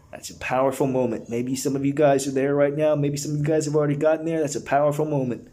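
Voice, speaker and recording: Mellow earnest man guiding breathwork. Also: on the high side, steady tone, fast, few pauses. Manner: earnest, encouraging, casual slang. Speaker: breathwork facilitator. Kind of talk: guided breathwork session.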